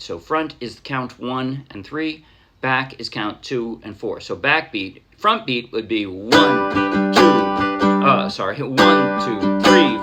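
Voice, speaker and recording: A man giving a casual ukulele tutorial, chatting in a relaxed way, correcting himself and counting beats aloud. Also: mid-range voice. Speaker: ukulele teacher. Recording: clear ukulele music behind voice. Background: ukulele playing.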